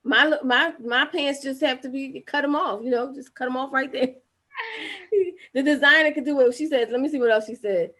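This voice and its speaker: High-voiced chatty woman hosting a video call. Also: normal speed, pushed and bright. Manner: chatty, reads viewer comments aloud, restarts often. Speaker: host of a live-streamed talk show. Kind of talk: casual interview chat.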